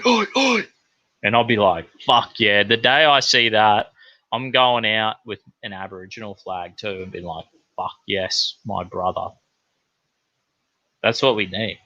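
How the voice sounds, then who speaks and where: A young man talks in a loose, profane, meandering way, like a casual podcast host. His voice sits low but comes across punchy and bright. The recording is dull and lo-fi, with a very dry sound. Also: no room sound. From New Zealand. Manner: rambling, profane, laid-back. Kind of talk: casual monologue.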